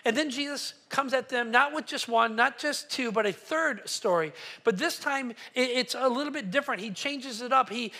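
A pastor preaching a sermon, asking the congregation to call out words and swinging between loud acted quotes and hushed asides. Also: sits high, gravelly. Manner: call-and-response questions to the congregation.

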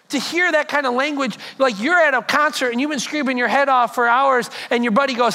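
High-voiced man preaching a sermon. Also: normal speed, creaky. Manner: storytelling, animated, addresses congregation directly. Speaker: pastor.

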